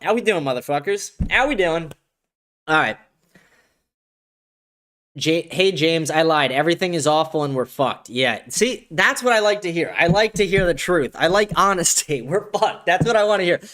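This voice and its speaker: High, lively-voiced profane male streamer. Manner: profane, sarcastic, laughs often, reads chat aloud. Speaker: streamer host reacting to clips. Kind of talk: crude live-stream reaction commentary.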